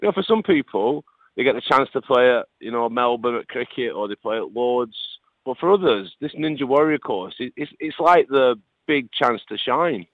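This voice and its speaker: Over a tinny phone line with no echo, a man from Lancashire, England, chats casually on a radio show as a guest. In his late thirties, he has a mid-range voice with lively intonation at a normal speed, and he cracks jokes and repeats words.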